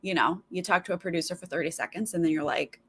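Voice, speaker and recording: A woman's voice: fairly low pitch, quick pace, fairly bright tone, husky. A woman hosting a live stream, chatting casually with viewers and mimicking other people's voices in her stories. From Los Angeles. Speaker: live stream host reacting to a TV show.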